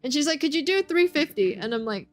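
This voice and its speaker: A woman's voice: high voice, expressive, fast talker. A young woman streaming from home, chatting with her viewers in a bubbly way and laughing often. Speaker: game streamer. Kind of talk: casual chat with stream viewers. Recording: faint background music.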